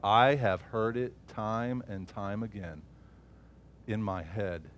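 A man preaching a sermon, swinging from loud emphatic peaks to low murmured asides. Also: takes it slowly, a little hiss or hum.

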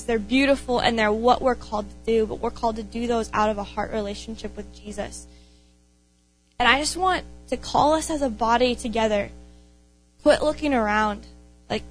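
A woman's voice: fairly high pitch, low-quality recording. A young woman giving an informal sermon to her church, earnest and passionate, repeating phrases for emphasis. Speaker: young speaker in a church gathering.

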